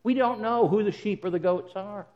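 Preacher guy with a high voice, earnest, keeps repeating words, sermon style. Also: moderate pace, long reverb tail, highs cut off. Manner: earnest preaching with frequent word repeats, voicing God's and Jesus' words. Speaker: pastor.

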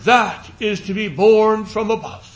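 High-voiced man preaching earnestly. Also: unhurried. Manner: earnest, pleading, repetitive cadence. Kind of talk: sermon.

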